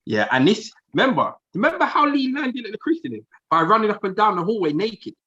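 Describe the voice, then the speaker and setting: A man's voice: sits high, sing-song, fairly quick, sharp tone. A man from telling a rambling story in casual podcast chat. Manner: rambling, repeats himself while telling a story. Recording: dull lo-fi podcast audio.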